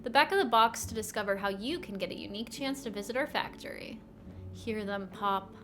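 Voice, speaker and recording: A woman's voice: mid-range voice, a little fast, noisy background. A woman streaming a game, reading its text aloud with wry asides and the occasional whisper.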